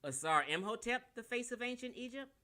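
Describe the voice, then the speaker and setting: A man's voice: extremely high pitch, animated, fairly quick, sharp tone. A man with a Californian accent giving a brash, combative and profane lecture on a livestream while sharing his screen. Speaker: online lecturer.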